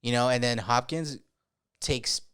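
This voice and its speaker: Smooth-voiced man, laid-back sports chat. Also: mid-range voice, unhurried. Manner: relaxed, laughs often, says bro. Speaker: podcast co-host.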